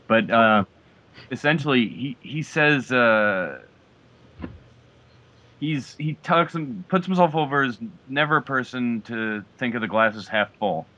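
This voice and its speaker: A man's voice: medium pitch, lively intonation, unhurried, sharp tone. A man co-hosting a podcast, chatting casually with dry, wry remarks. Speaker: podcast co-host. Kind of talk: casual wrestling recap chat. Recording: dull lo-fi mic.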